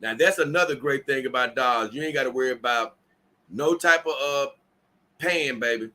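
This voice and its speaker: A man's voice: mid-range voice, moderate pace, bright, forceful tone. A tired man hosting a casual livestream, reading viewer comments aloud and rambling with many restarts. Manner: rambling, repeats himself and restarts often. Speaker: livestream host.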